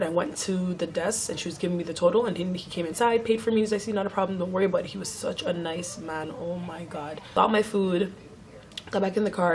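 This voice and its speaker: A woman's voice: fairly low pitch, slight background noise. A young woman vlogger telling a story in a casual chat, swearing freely and acting out what others said.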